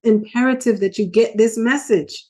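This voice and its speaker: A woman's voice: a little high, normal speed, warm tone. A woman talking earnestly and emotionally in a casual vlog recorded in her car. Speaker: video host.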